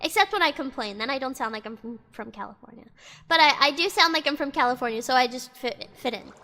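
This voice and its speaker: In a casual storytime rant, a young female vlogger rambles, says "like" constantly, and swears freely. She talks fast in a high, animated, pushed and bright voice. Faint music plays, and outside noise is audible from where she sits indoors.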